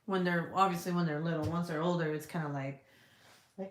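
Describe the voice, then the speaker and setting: A woman's voice: on the low side, fairly even intonation, moderate pace. Chatty, swearing woman in an echoey room. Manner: chatty, swears freely, lots of "like" fillers. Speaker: vlogger reading viewer comments. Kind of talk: casual chat.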